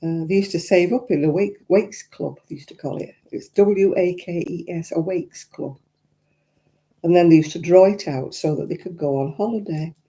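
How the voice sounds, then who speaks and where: A woman's voice: on the low side, normal speed, warm tone. An older woman with a Lancashire accent hosting a crafting livestream, chatting casually and rambling through viewer comments with frequent chuckles. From Royton, North West England.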